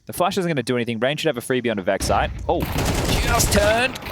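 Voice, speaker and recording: A man's voice: fairly high pitch, very animated, fast talker, heavy background noise. A man calling play-by-play in a live esports match, with dry teasing between plays. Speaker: esports caster.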